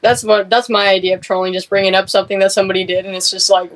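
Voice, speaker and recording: A woman's voice: mid-range voice, quick pace, low-quality recording. A woman in a casual voice chat, blunt and slangy, swearing freely.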